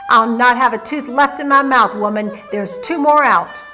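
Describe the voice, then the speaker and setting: A woman voicing a boastful, gluttonous male giant who bellows and shouts. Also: a little high, normal speed, faint music behind. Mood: outraged.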